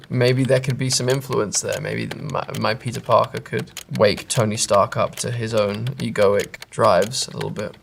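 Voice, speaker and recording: A little hiss or hum sits under this low, gravelly voice of an English actor in his thirties. He reads web comments aloud and replies in a rambling, self-interrupting way, chuckling at himself on occasion.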